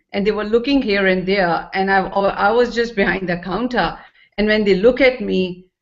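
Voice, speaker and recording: A woman sharing a personal experience in earnest, emotional testimony, with non-native English phrasing. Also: medium pitch. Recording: dull lo-fi recording.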